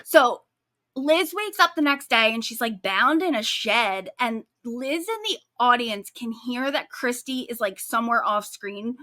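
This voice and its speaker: A woman co-hosting a true-crime podcast, talking in a casual, animated way with a sarcastic edge. Her voice is bright and a little high. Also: unhurried, no room sound, clean studio sound. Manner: animated, sarcastic storytelling with frequent likes. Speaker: podcast co-host.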